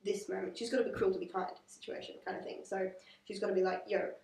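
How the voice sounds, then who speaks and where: A woman's voice: mid-range voice, steady tone, fast talker, creaky, darkish tone. Chatty Australian woman, echoey distant sound. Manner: chatty, joking, lots of fillers. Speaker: actor. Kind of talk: casual interview. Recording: roomy, distant camera mic.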